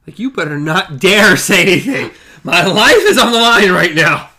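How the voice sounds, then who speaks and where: A reader voicing a panicked male thug, shouting loosely improvised lines. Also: medium pitch, sing-song, normal speed.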